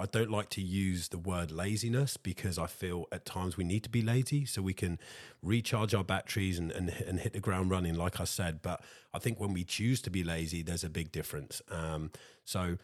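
A man's voice: sits low, steady tone, moderate pace, no echo, clean studio sound. A man hosting his own solo podcast, talking casually and chattily to his listeners, calling them guys and circling back with "like I said". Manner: talkative, addresses listeners as guys, repeats himself. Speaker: podcast host. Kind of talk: solo motivational podcast chat.

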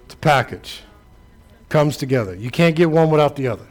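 A man's voice: a little high, lively intonation, a little fast. A male pastor delivering a sermon, preaching in a rhythmic, emphatic way and telling stories to make his point.

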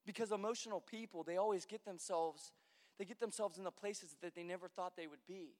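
High-voiced man preaching in a reverberant hall. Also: brisk. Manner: animated, acts out voices in quotes. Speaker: pastor. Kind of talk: sermon.

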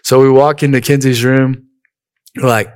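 A man preaching a sermon in a relaxed, conversational way, weaving in stories from his own life and often saying "you know". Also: mid-range voice, unhurried, clear, resonant tone. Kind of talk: sermon with personal storytelling.

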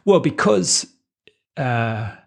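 A man's voice: mid-range voice, drawn-out words, creaky. A man, a life coach, telling stories in an interview and acting out the dialogue he recalls. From Australia. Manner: animated storyteller acting out dialogue, frequent restarts. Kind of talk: conversational interview storytelling.

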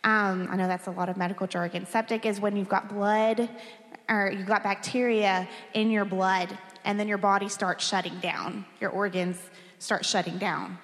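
A woman's voice: mid-range voice, steady tone, moderate pace, fairly bright tone. A woman in her thirties, a pastor, telling a candid and emotional personal story during a sermon, with light laughs between phrases. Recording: long hall reverb.

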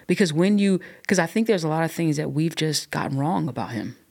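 A woman's voice: low-pitched, lively intonation, fairly quick, gravelly, a little mellow. A woman guest on a podcast, talking with passion and emphasis as she shares her faith story. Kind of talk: casual podcast conversation.

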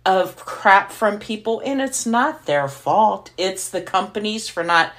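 A woman's voice: medium pitch, a little slow. A middle-aged woman co-hosting a casual faith podcast, telling a story with animation and acting out the dialogue. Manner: lively storyteller, acts out quoted dialogue. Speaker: podcast co-host.

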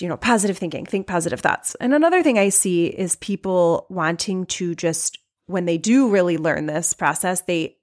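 A middle-aged woman hosting a life coaching podcast, talking openly and reflectively about feeling sad, with frequent restarts and soft pauses. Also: mid-range voice. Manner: open, reflective, with many restarts and soft laughs. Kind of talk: personal podcast monologue.

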